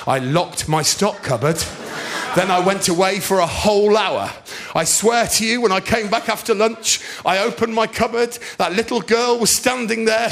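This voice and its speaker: A middle-aged man doing stand-up, telling stories animatedly and shouting his punchlines. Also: high-pitched. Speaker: stand-up comedian. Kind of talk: stand-up storytelling.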